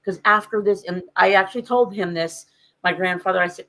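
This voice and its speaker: A woman's voice: medium pitch, fairly quick, a bit bright, poor audio. A woman on a podcast telling a candid family story in a casual, conversational way, with frequent fillers. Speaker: podcast co-host.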